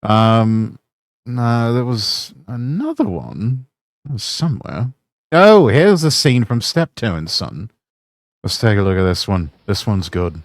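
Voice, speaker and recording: A man streaming, chatting casually about clips he is watching in a relaxed, musing way. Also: lowish voice, slow pace, no echo, clean studio sound. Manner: relaxed, musing, chuckling asides. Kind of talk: casual reaction commentary.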